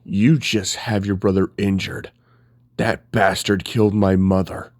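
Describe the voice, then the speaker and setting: A grim, vengeful young hero, played by a man telling the story. He lectures with quiet intensity in a low, dry voice. The room adds no echo. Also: little pitch movement, unhurried. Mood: intense.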